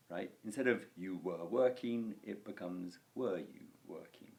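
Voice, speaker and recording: A man teaching a Latin grammar lesson, explaining at an unhurried pace and slowing down to spell out example phrases. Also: low voice, gravelly, a little mellow. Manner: unhurried, repeats words, slows for Latin examples. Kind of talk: relaxed spoken grammar lesson.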